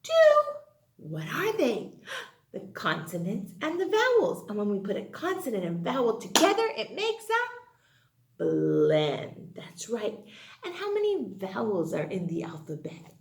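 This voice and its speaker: A woman's voice: fairly high pitch, wildly swooping pitch, unhurried, creaky, echoey room. A woman teaching an early-grade phonics lesson, sing-song, encouraging and exaggerated as if talking to young children.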